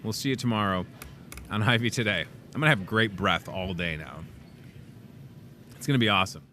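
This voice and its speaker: A man hosts a small local TV talk show and closes it out in a loose, joking way, teasing the crew off camera. His voice is bright and forward, with a faint rumble in the background. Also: fairly quick. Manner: chatty and jokey, banters with crew. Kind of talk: casual live show wrap-up.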